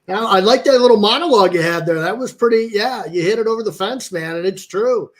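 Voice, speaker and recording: A man's voice: high-pitched, brisk. A man joining a podcast as a guest, chatting casually in a friendly way and laughing easily. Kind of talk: casual chat.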